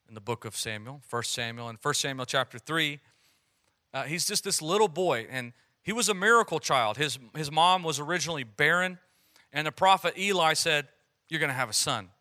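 Bright-voiced male pastor preaching. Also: fairly high pitch. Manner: animated storytelling, acts out quoted voices; drops to a soft hush on key lines. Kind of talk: sermon.

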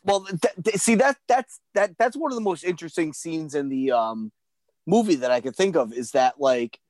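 A man in casual chat, halting and stammering with frequent swearing. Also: on the high side, animated, darkish tone, no echo.

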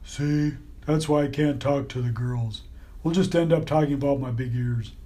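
A man voicing a dim, bashful male dog with long ears, speaking in a slow, hesitant drawl in an audiobook. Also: medium pitch, fairly even intonation, dark tone, natural voice. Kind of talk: audiobook character voice.

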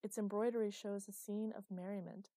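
A woman's voice: mid-range voice, steady tone, brisk, dark tone, no echo, close to an everyday voice. A woman voicing a cheerful young female writer who runs a fantasy game with sadistic glee. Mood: narrating. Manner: cheerful and teasing.

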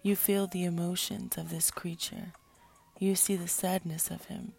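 A woman voicing a calm, solemn divine man who speaks in measured pronouncements. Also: fairly low pitch, gravelly, soft background music.

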